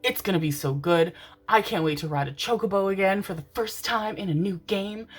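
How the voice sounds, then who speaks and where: A young adult woman who reads tarot, talking excitedly and a little out of breath, swearing casually and calling her viewers her darlings. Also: medium pitch. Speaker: tarot reader. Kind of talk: casual chat and tarot intro.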